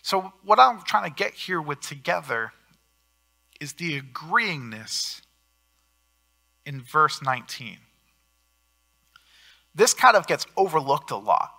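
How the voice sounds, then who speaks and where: A man preaching a sermon as pastor, earnest, with swings in loudness for emphasis. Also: fairly high pitch, expressive, takes it slowly, vocal fry, long pauses.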